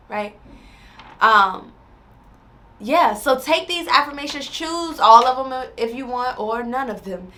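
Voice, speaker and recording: Bright-voiced woman reciting affirmations. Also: fairly high pitch, animated. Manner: repeats each affirmation slowly, then chats casually to viewers; encouraging, addresses viewers as y'all. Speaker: spirituality vlogger. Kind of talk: reading and explaining affirmations.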